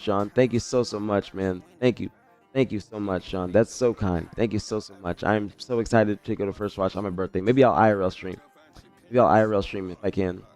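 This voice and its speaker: A man's voice: fairly low pitch, darkish tone. A man streaming live, talking casually in a loose, rambling way, correcting himself mid-sentence and swearing now and then.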